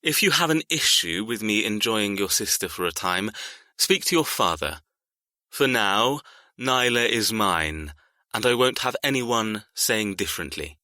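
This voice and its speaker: A man's voice: lively intonation, sharp tone, no echo, clean studio sound, heavily acted. A man voicing a cold, menacing controller. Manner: low, slow, threatening. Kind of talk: audiobook character reading.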